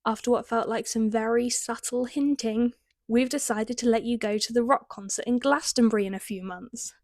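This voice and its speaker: A British woman voicing a caring mother in a storybook, speaking in a warm, motherly way. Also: a little high, fairly even intonation, normal speed, no room sound, clean studio sound, lightly acted. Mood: cheerful.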